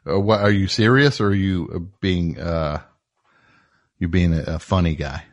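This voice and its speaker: A man's voice: deep voice, normal speed. A man hosting a call-in show, joking and bantering with callers in a wry way. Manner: joking, wry, lively delivery. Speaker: radio call-in show host.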